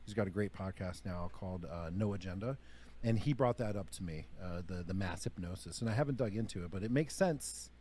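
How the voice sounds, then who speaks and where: A man with a lowish, dark, mellow voice, speaking as a guest on a livestream. He is blunt and quick to swear, and snaps at the people around him. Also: slight background noise. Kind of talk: heated livestream talk.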